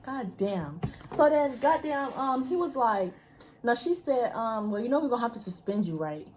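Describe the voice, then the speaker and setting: A woman's voice: on the high side, animated, moderate pace, a little mellow, a little hiss or hum. A young woman casually telling a school story, blunt and profane, acting out the people in it.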